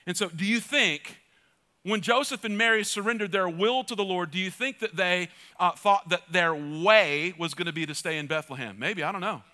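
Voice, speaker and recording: High bright-voiced male preacher. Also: moderate pace. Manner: energetic, joking asides to the congregation. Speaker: pastor. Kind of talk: church sermon.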